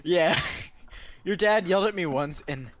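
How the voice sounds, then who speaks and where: A man's voice: sits high, measured pace, lo-fi sound. A young man chatting casually as a podcast co-host, laid-back and jokey. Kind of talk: casual chat.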